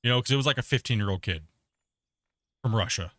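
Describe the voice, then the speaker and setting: A man's voice: medium pitch, lively intonation, quick pace, a bit bright, no room sound, clean studio sound. A man hosting a live gaming stream in casual chat, rambling and laid-back, laughing at himself and calling people "bro". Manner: rambling, laid-back, full of "bro" and "you know what I mean". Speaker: livestreaming gamer host.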